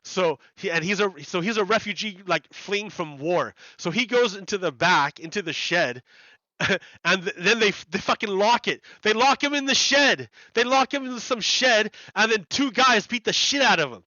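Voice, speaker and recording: A man's voice: sits high, expressive, normal speed, sharp tone, no echo, dull audio. A man giving heated, rambling commentary on news while streaming a game, repeating himself and swearing.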